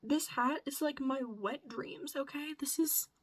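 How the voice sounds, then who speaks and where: A woman's voice: high-pitched, measured pace. A young woman from the Midwest chatting casually in a crochet vlog, gushing, swearing freely, and sometimes dropping into a whisper, her voice cracking. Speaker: crochet vlogger. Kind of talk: casual chat.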